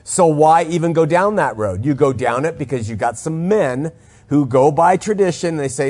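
A man hosts a religious call-in radio show, offering commentary earnestly and pressing his argument with emphasis. His voice is fairly high and darkish, animated, at a normal pace.

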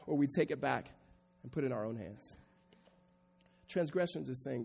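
Emphatic preacher in a reverberant hall. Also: male voice, a little high, expressive, normal speed, creaky, pauses often. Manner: builds from quiet reflection to loud, emphatic preaching. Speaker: pastor. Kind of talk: sermon. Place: church hall with congregation.

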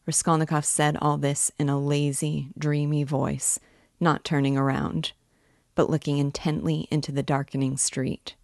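A woman reading a classic novel aloud in measured, deliberate narration. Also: low-pitched, flat delivery, creaky, darkish tone, no room sound, clean studio sound. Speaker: book reading guide. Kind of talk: audiobook-style literary reading.

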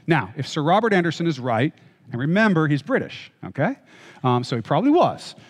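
A man's voice: a little high, big pitch swings, fairly quick. A man preaching a sermon, reading scripture and then explaining it in a conversational way with joking asides to the congregation. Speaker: pastor. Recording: long hall reverb.

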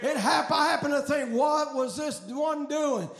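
A man preaching a fiery revival sermon, shouting in a chanting cadence. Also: extremely high pitch, measured pace, vocal fry.

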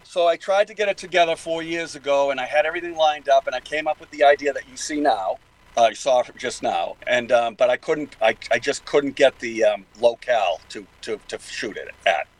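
A man's voice: mid-range voice, brisk, low-quality recording. An older man with a Boston accent, talking at length as a guest in a casual interview, rambling with many fillers and restarts. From New England.

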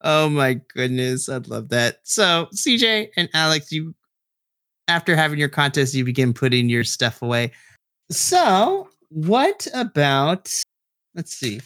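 A man's voice: on the high side, very animated, a little slow, sharp tone, no echo, clean studio sound. A man running a tabletop game, chatty and laughing often as he explains his rulings. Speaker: game master.

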